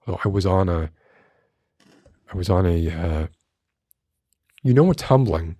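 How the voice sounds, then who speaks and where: A man with a smoky, gravelly voice chatting loosely on a livestream, often breaking off mid-sentence and swearing casually. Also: low-pitched, animated, a little slow, warm tone, dry recording. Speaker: streamer. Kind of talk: casual rambling livestream chat.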